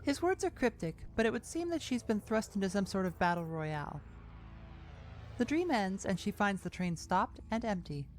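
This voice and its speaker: Female essay narrator, calm and measured, animated intonation. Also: mid-range voice, soft background music. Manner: measured, calm storytelling delivery. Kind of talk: scripted narration.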